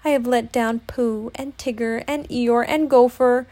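A woman's voice: a little high, steady tone, a little slow, dark tone, close to an everyday voice. A woman voicing a very small, anxious male piglet who stammers and frets in a storybook. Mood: fretful. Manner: stammering, fretful.

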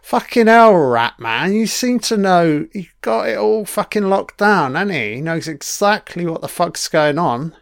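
A man talks over an episode in loose, sweary commentary, reacting to each scene as it plays. His voice sits a little high and clear, with a slow, easy delivery. The recording is close and dry. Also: animated, dry recording. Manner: sweary, chatty, reacting to the screen. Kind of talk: casual film commentary.

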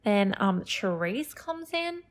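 A woman's voice: mid-range voice, big pitch swings, takes it slowly. A young Australian woman co-hosting a podcast, chatting casually with lots of fillers. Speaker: podcast co-host. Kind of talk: casual chat.

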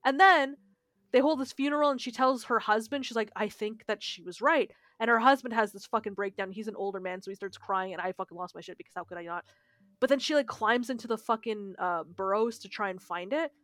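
Swearing, animated woman storyteller, bright tone. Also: fairly high pitch, fast, no room sound. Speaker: podcast co-host. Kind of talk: casual chat.

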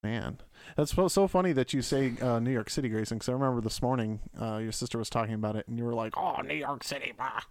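An easygoing man hosts a podcast with his children, asking gentle questions. His voice is smooth and clear. The sound is dry and close. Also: mid-range voice, fast talker, no room sound. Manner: easygoing, asks the kids questions. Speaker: podcast host, dad. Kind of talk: casual family chat.

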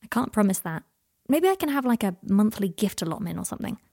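A woman voicing an earnest, halting young man in an audiobook, close to her own reading voice. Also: medium pitch, big pitch swings, vocal fry, mellow. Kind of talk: audiobook character voice.

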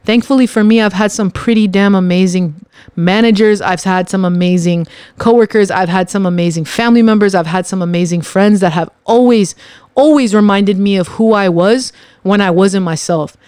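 A podcast host talks straight to the listeners in a casual, motivational way. The voice is smooth and clean, at a middle pitch. The recording is dry and close, with no room sound. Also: fairly even intonation, normal speed, darkish tone, dry recording. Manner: emphatic, repeats phrases for punch; addresses listeners directly.

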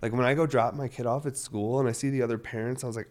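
A man's voice: mid-range voice, fairly even intonation, fast, few pauses, a little mellow. A man in his thirties talking casually to his viewers, rambling with lots of fillers and frequent swearing. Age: 30s. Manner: loose, rambling, heavy on fillers, swears often. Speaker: cannabis vlogger.

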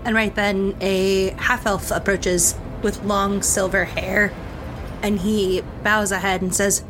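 A woman narrating a tabletop game as game master in a relaxed, chatty way. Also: mid-range voice, takes it slowly, music in the background.

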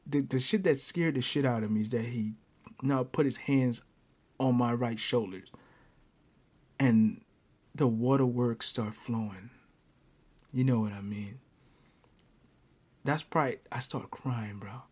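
A man hosting a podcast, telling a personal story off the cuff. He talks in an animated way, stumbles over restarts and keeps breaking into laughter. His voice sits at an ordinary middle pitch. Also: unhurried, pauses often, breathy edge. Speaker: podcast host. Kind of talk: casual storytelling.

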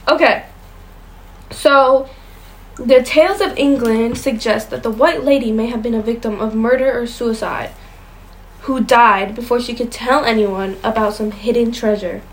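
A woman's voice: on the high side, fairly even intonation, a little slow, low-quality recording. A young woman co-hosting a casual chat show, reading ghost stories aloud and stumbling over words now and then. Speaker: podcast co-host.

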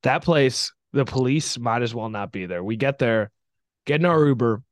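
A man's voice: mid-range voice, normal speed, no echo. A young man co-hosting a podcast, telling stories in a rambling casual way with lots of fillers. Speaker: podcast co-host. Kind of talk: casual chat.

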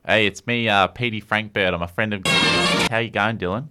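A man's voice: fairly low pitch, fairly even intonation, fairly quick, loud music behind the voice, voice pushed up, close to an everyday voice. A man doing a matey caller. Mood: casual. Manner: prank caller, casual and slangy. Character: made-up adult male caller, Aussie bloke.

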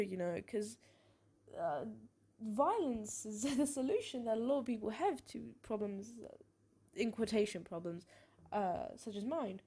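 A woman's voice: a little high, a little slow, breathy edge. Frank young woman telling stories. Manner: frank, expressive storytelling with swearing and laughs. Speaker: podcast host. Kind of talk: candid personal monologue.

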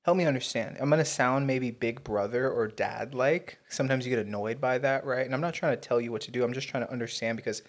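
A man's voice: mid-range voice, fast, hardly any pauses. Blunt, swearing young man. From Texas. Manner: blunt, swears freely, laughs often. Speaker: podcast co-host. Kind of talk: casual chat.

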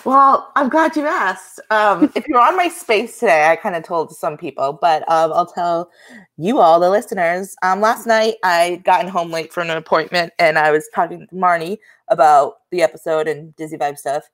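A woman's voice: on the low side, moderate pace, a bit bright. A young woman co-hosting a podcast, telling a story in a laid-back way with frequent ums. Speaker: podcast co-host. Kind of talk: casual chat.

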